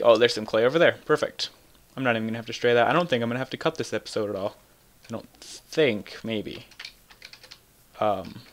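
A man's voice: medium pitch, a bit bright, a little hiss or hum. A young man giving casual gameplay commentary as host, rambling and correcting himself with little chuckles. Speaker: gaming channel host.

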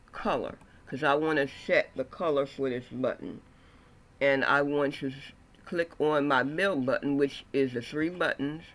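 A man with a fairly high voice teaches a software tutorial at an unhurried crawl. He narrates every click step by step, sprinkling in okays and ums as he goes, sounding like a patient instructor. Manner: slow step-by-step walkthrough with frequent okays and ums. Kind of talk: screen-recorded software tutorial.

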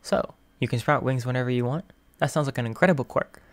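Brief: a man playing a cheerful, booming male hero teacher, kind and eager, for a fan fiction audiobook. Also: fast, no echo, lightly acted. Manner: eager, reassuring, bursts of loud excitement. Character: upbeat loud male teacher hero, gentle and encouraging.

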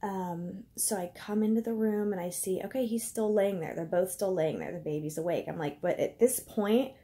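Woman, 30s, casual home vlogger, chatty with lots of fillers, acts out quotes, mid pitch. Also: normal speed, dark tone. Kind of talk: casual personal vlog. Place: indoors at home.

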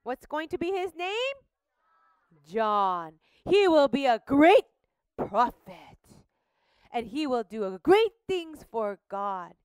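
A woman teaching a Bible lesson to young children, asking questions and having them repeat words slowly. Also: high voice, no room sound, studio quality. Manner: animated, slow and questioning, prompts children to repeat. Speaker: Sunday school teacher. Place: studio.

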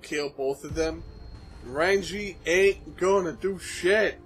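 A man hosting a casual anime reaction, excitable, swearing and yelling at the screen. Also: a little high, takes it slowly, faint music behind.

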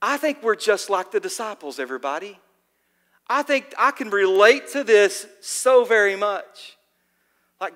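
Bright-voiced high male preacher. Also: measured pace, long reverb tail. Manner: animated storytelling with casual fillers. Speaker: pastor. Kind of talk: sermon. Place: church hall.

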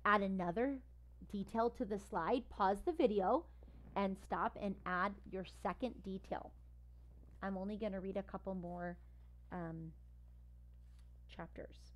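A woman teacher reading a children's novel aloud in a conversational way, pausing to give the class instructions. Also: medium pitch, lively intonation.

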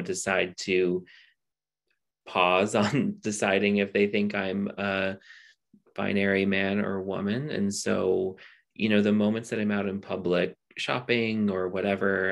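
A man's voice: low voice, gravelly. A man on a panel, sharing personal stories thoughtfully with many ums, over a video call mic.

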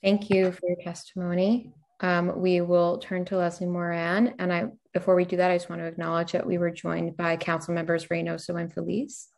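A woman calls the next witnesses in a procedural manner. Her voice is lowish and flat, with a gravelly fry. She is heard over a video call. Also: brisk, few pauses. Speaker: committee chair. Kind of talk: chairing a hearing.

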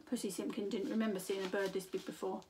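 A woman, a school teacher, reading a children's story aloud in an expressive, unhurried way. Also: mid-range voice, a little hiss or hum.

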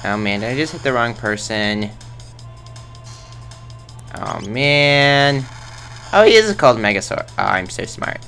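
A man's voice: medium pitch, animated, unhurried, pauses often, sharp tone, soft background music. A man rambling through casual game commentary in a goofy, self-mocking way, tossing in silly sound effects. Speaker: let's play host.

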